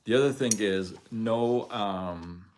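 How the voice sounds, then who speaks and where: A middle-aged man with a deep, low voice talks straight to his viewers on a casual livestream. He speaks candidly and rambles, restarting his sentences and chuckling between thoughts. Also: takes it slowly, darkish tone, slight background noise. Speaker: live-stream host.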